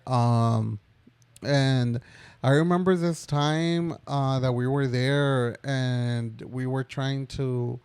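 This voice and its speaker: A man's voice: mid-range voice, a little mellow, smooth, dry recording. A young man in his twenties, co-hosting a podcast, telling a personal story in a casual, rambling way with many fillers. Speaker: podcast co-host.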